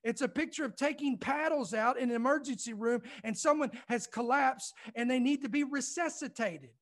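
A male preacher delivers an impassioned sermon in a strikingly high voice. He presses his points over and over, cutting in with "listen" and stumbling into restarts as his fervor builds. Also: normal speed, a bit bright. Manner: fervent, emphatic, repeats "listen" and "I'm telling you"; restarts and stumbles when heated. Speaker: preacher and ministry host.

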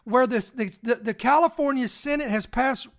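Woman, live-stream news host; deliberate emphatic reader, repeats key phrases, frequent small restarts, addresses the audience directly. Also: a little high. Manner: stumbles and restarts words while reading. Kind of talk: live commentary reading news aloud.

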